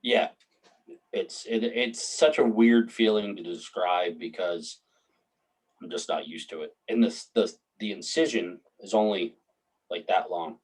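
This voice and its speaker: Recovering from hip surgery, a man in his 30s co-hosts a podcast, chatting casually in a laid-back way, with swearing and lots of laughs. His low voice has a breathy edge and an unhurried pace, and the recording is low quality.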